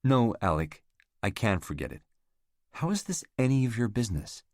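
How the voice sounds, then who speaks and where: A man's voice: lowish voice, very animated, moderate pace, no echo, studio quality, voice pushed up. A man voicing Catherine, an upset young woman.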